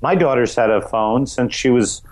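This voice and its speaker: A middle-aged man from New York's Westchester County, a comedian guest talking in a loose, rambling way, full of "you know" fillers. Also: normal speed. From Westchester County, New York. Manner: acts out voices in high shouts. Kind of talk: casual interview chat.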